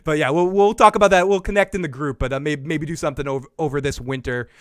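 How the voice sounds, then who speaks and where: A man co-hosting a podcast in casual chat, rambling and restarting, with energetic sign-offs. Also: a little high, fast, clear, resonant tone, no echo, clean studio sound. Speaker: podcast co-host.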